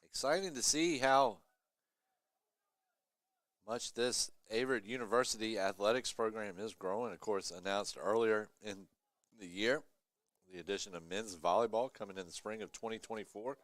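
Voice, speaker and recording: A man giving live play-by-play commentary on a college lacrosse game, chatty between plays and excited on big ones. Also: fairly low pitch, moderate pace, no room sound. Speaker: play-by-play announcer.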